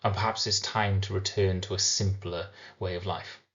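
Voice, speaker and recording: A man teaching a recorded literature lesson, explaining step by step and slowing down to sound out syllables. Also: sits low, fairly even intonation, fairly bright tone, dull audio.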